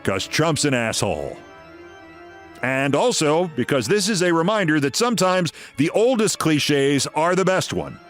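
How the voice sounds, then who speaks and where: A man's voice: big pitch swings, measured pace, soft background music. A man in his sixties hosting a commentary show, sardonic and storytelling. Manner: sardonic, storytelling, theatrical swings in pitch. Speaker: host. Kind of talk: political commentary monologue.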